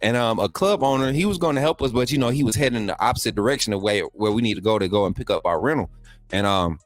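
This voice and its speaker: A man's voice: on the low side, expressive, fast, no echo, studio quality, faint music behind. Chatty man hosting a live stream. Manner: loose, chatty and repetitive, hyping up the chat. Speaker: host of a live sports call-in stream. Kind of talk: casual live-stream chat.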